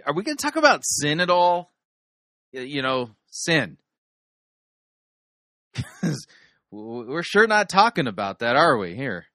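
Sarcastic male critic, dry bright voice. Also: a little high, sing-song, unhurried, pauses often, dry recording. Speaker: sermon critic. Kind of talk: sarcastic commentary.

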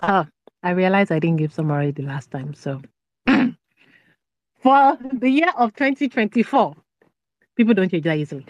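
A woman on a film podcast panel giving a relaxed, easygoing summary, chuckling as she talks. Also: on the low side, moderate pace, long pauses, no room sound, muffled recording. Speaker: panel guest. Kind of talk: casual panel chat.

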